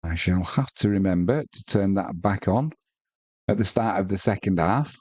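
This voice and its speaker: A man's voice: low-pitched, normal speed, darkish tone, husky, dry recording. A man hosting a live football watch-along, commentating and chatting casually with viewers. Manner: chatty, talks to viewers and reads out chat messages.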